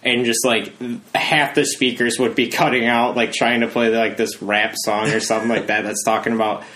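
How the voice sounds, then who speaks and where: A man's voice: mid-range voice, level tone, moderate pace, bright, forceful tone, a little hiss or hum. A young man hosting a podcast, chatting casually, rambling with lots of fillers and acting out quotes. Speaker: podcast host. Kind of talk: casual chat.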